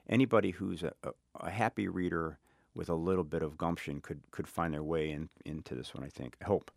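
This author, a middle-aged man from Chicago's South Side with a very low, gravelly voice, reflects aloud during an interview. His speech is halting and thoughtful, full of pauses and restarts, captured in a dry, close recording.

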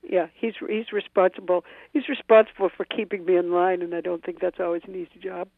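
A woman's voice: fairly low pitch, level tone, brisk, dry recording. A middle-aged woman comedian telling rambling, self-deprecating stories in a radio interview. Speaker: comedian and quiz show panelist. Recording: tinny phone line.

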